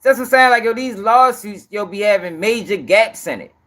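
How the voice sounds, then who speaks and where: High-voiced man mocking a news story. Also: expressive, a little fast. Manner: loud, laughing, profane and mocking. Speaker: commentary host. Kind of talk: reaction commentary on a news clip.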